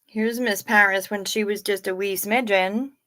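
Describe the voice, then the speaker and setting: A woman's voice: mid-range voice, fairly even intonation, normal speed, a bit bright. A middle-aged woman, hosting a late-night livestream, tired and yawning as she chats casually with viewers and reads their comments. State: sleepy. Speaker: livestream host.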